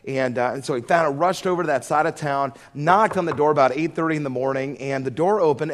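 A middle-aged man preaching a sermon, telling a folksy story and rising to fervent emphasis on prayer. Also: on the high side. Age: middle-aged or older.

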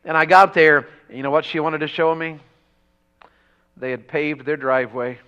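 A man preaching a revival sermon in a church, telling folksy country stories and rising to shouts. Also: fairly high pitch, fairly even intonation, normal speed, clear, resonant tone, dull audio. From rural Tennessee.

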